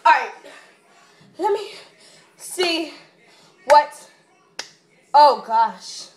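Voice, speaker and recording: Excitable high-voiced woman vlogging at home. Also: very slow, reverberant. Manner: excitable, dramatic, squealing reactions. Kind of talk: casual vlog chat.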